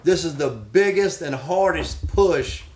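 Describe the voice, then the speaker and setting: A man's voice: fairly high pitch, expressive, takes it slowly, a little mellow, a little hiss or hum. A man who is an aspiring pro wrestler answers interview questions in an emphatic, fired-up, determined way.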